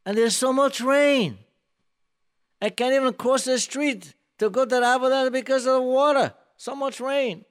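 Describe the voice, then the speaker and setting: A man's voice: on the low side, racing, few pauses, voice pushed down, lightly acted. A man voicing a mocking, wicked idol-worshipping king of old in a raised, sneering voice as he retells a story.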